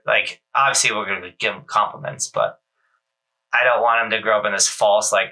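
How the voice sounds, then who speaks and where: A man co-hosting a podcast, rambling through an animated story with lots of filler words. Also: lowish voice, brisk, creaky, recorded from a distance, rough recording. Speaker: podcast co-host. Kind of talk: casual chat.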